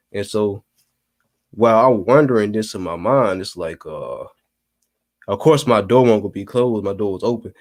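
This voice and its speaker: A man's voice: fairly low pitch, a little mellow. A young man from North Carolina telling a story on a podcast in a laid-back, slangy way with lots of fillers. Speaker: podcast co-host. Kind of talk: casual storytelling. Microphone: remote call.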